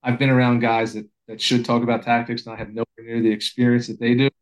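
A man's voice: mid-range voice, flat delivery, quick pace, rough recording. Plainspoken man, a fire chief. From Pennsylvania, USA. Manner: plainspoken, self-deprecating, many restarts. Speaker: assistant fire chief, guest. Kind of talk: casual podcast conversation.

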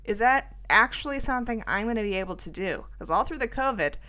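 A middle-aged woman talks through a loose, self-mocking story as a podcast host. Her voice is bright, and her talk is full of fillers and asides. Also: a little high, animated, fast. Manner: chatty, rambling, self-mocking, lots of fillers. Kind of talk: casual storytelling monologue.

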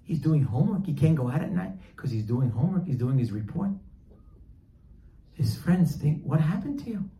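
A man's voice: mid-range voice, big pitch swings, normal speed, warm tone, roomy sound, lo-fi sound. A man teaching a sermon through a parable, telling it dramatically and acting out its dialogue. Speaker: religious teacher. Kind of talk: sermon with storytelling.

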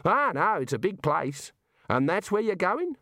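A man's voice: high-pitched, very animated, a little slow, pushed and bright, no room sound, voice pushed up, heavily acted. Man doing a dry unimpressed kangaroo. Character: blunt talking male kangaroo, dry and unimpressed.

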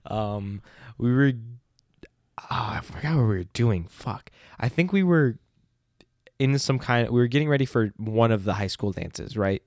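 A young man co-hosting a podcast, telling stories in a lively, laughing way and swearing casually. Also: mid-range voice, moderate pace, no echo, studio quality. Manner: animated storyteller, laughs often, swears. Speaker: podcast co-host. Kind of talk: casual chat. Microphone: podcast mic.

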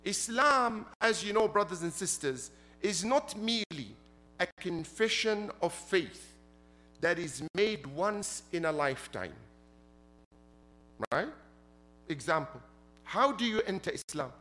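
A man's voice: high-pitched, lively intonation, a little slow, pauses often, pushed and bright, soft background music. A man preaching a sermon as a sheikh, emphatic, repeating his points and asking rhetorical questions. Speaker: sheikh preaching at a Muharram gathering.

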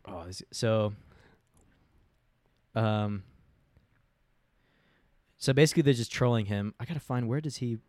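A man's voice: fairly low pitch, a little slow, long pauses, darkish tone, no room sound, clean studio sound. A young man co-hosting a casual podcast chat, laughing often and acting out quotes in exaggerated voices. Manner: laughs a lot, acts out quotes in exaggerated voices, swears freely. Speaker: podcast co-host.

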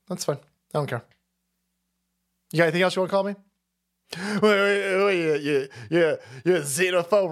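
Foul-mouthed ranting man streamer. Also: high-pitched. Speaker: streamer host. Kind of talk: profane livestream commentary rant.

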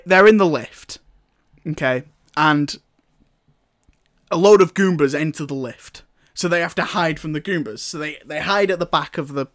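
A man with a slightly high voice recaps a film in a loose, rambling way. He sounds amused throughout, with dry sarcasm and laughter breaking in. The sound is close and dry, with no room around it. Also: a bit bright, no room sound. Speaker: film reviewer. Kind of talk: casual comic film recap.

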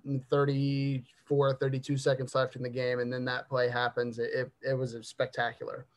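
A man's voice: mid-range voice, monotone, moderate pace. A man co-hosting a sports podcast, chatting enthusiastically about football and laughing easily. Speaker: podcast co-host. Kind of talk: casual sports chat.

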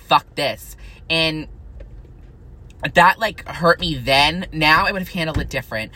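A young man in college, venting in a profane, angry, unfiltered rant to camera that swings into high, shrill outbursts. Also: unhurried, pauses often, bright, forceful tone. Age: young adult. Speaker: vlogger.

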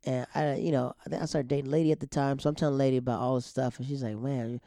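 A man casually telling a long story, animated, with frequent restarts and acted-out quotes. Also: mid-range voice, rapid-fire, creaky, no echo, studio quality. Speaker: storyteller guest.

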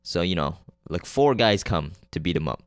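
This podcast host reviewing movies has a low, animated voice and talks at a normal pace, recorded cleanly in a studio without echo. Alone on the mic, he wanders through a film recap with plenty of fillers, false starts and cursing. Names slip away from him mid-sentence in his loose, offhand style.

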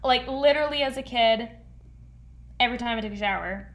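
A woman co-hosting a casual podcast chat, enthusiastic and quick to laugh. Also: fairly high pitch, a bit bright. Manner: enthusiastic, laughs easily, fillers. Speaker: podcast co-host.

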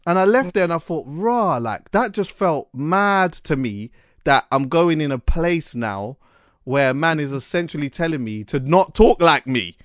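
A man's voice: a little high, normal speed, no room sound, clean studio sound. A man, hosting a podcast and telling stories casually, full of slang and restarts. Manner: animated storyteller, London slang, lots of restarts. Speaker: podcast host. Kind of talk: casual chat.

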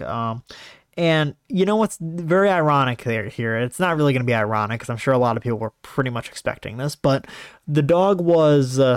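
A man talking casually in a rambling monologue, full of fillers and restarts, with sudden jumps in pitch. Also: dry recording, studio quality. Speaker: podcast host.

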